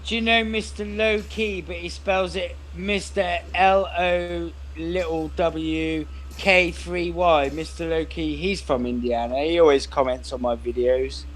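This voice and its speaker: A man's voice: fairly high pitch, steady tone, measured pace, few pauses. An English man in casual chat, rambling through funny stories and laughing often.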